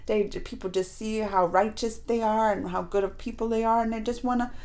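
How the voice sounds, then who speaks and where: A woman's voice: a little high, fairly even intonation, fairly quick, darkish tone. A woman hosting a reaction video, chatting animatedly and cheering at the screen as she watches a show. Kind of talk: casual reaction commentary.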